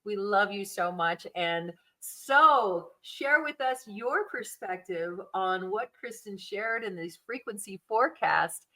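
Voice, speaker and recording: A woman's voice: mid-range voice, lively intonation, takes it slowly, few pauses, bright, forceful tone, low-quality recording. A woman hosting a podcast, chatty and encouraging, drawing out her guest in a casual chat. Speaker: podcast host.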